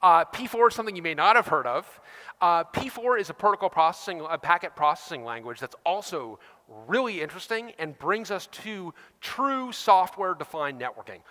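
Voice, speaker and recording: A middle-aged man gives a technical conference talk in a large hall, and the long reverb trails after his words. He is fast and emphatic, jumping around a lot in pitch as he acts out the voices he quotes. His tone is bright and forceful. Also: lively intonation. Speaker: conference speaker.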